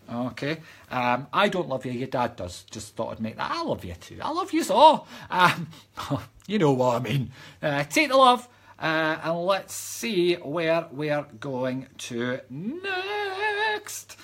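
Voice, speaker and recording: A man's voice: a little high, fairly bright tone. A man with a Scottish accent giving live psychic readings in a chatty, reassuring way, often checking in with "okay?". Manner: reassuring, keeps adding "okay?"; chatty and jokey between readings. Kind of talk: live-stream reading, casual chat.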